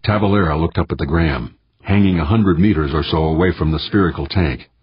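A man reading an audiobook in a measured, steady manner. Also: a bass voice, husky, no echo, muffled recording. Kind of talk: audiobook narration.

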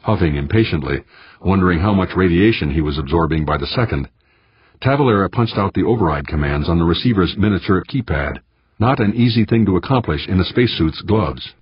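A man reading an audiobook in a measured, steady manner. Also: deep voice, breathy edge, no room sound, highs cut off. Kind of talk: audiobook narration.

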